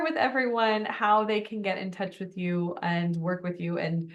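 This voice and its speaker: A woman's voice: fairly low pitch, flat delivery, normal speed, highs cut off. A woman hosting a podcast interview, encouraging her guest with enthusiastic affirmations. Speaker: podcast host. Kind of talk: casual interview chat.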